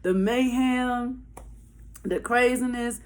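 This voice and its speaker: A woman with a fairly high voice tells a wild story straight to her viewers. She talks in loose slang, swears freely and keeps breaking into laughter. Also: takes it slowly. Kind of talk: casual storytime vlog.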